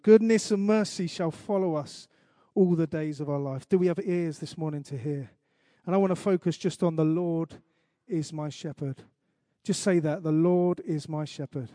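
Man, pastor, sermon, earnest, slow emphatic recitation, warm tone, dry sound. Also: fairly high pitch, no echo.

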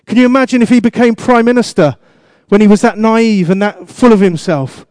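Man, pastor, sermon, mellow voice, dry sound. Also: high-pitched, a little fast, clear, resonant tone, dry recording. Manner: preaching with rhetorical questions and repeated exhortations.

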